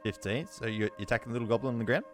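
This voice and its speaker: A man narrating as dungeon master in a tabletop game, describing scenes in an unhurried way with frequent ums. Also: mid-range voice, over music.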